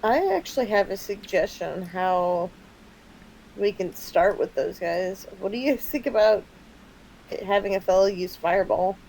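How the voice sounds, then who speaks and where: Tentative female player, middle pitch, faint background noise. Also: unhurried, dark tone, low-quality recording. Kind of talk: casual tabletop game chat.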